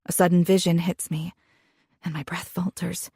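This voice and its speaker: A young woman reading a first-person romance audiobook in an expressive, intimate way, with a husky voice. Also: fairly low pitch, moderate pace, no echo, clean studio sound. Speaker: audiobook narrator.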